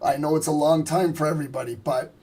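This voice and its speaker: A man with a raspy, husky voice talks viewers through live charts in a loose, joking way. His pitch sits slightly high for a man, and he thinks out loud as the market moves. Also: fairly even intonation, fast. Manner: casual, joking, thinks aloud. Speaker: trading stream host. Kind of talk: live trading commentary.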